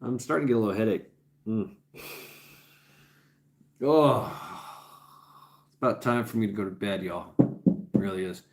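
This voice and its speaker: Hours into hosting his livestream, a tired man in his forties rambles through casual chat, cursing freely, laughing frequently and saying things twice. His voice sits on the low side, a little mellow, at a moderate pace with frequent pauses.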